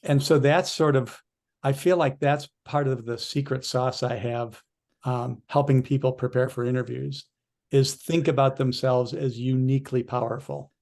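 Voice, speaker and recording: A male coach telling an animated story in a casual podcast chat, with frequent restarts. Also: mid-range voice, moderate pace, gravelly.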